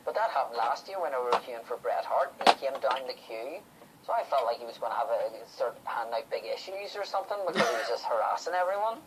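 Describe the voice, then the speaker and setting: A man from the UK chats casually as a podcast host, rambling through stories and slipping into other people's voices as he quotes them. His pitch sits in a middle register, with a faint hiss of noise under the recording. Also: animated, quick pace. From United Kingdom. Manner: chatty storyteller, acts out quotes. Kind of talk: casual chat.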